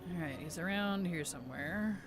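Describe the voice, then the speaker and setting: A man's voice: high voice, moderate pace. A man chatting casually on a game live stream, answering viewer chat with easy laughs. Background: background music.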